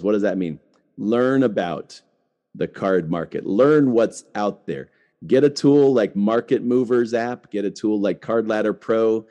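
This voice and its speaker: A middle-aged man hosts a podcast in a chatty way, constantly saying "like" and restarting sentences. His voice is fairly low and dark in tone, and he speaks a little slowly.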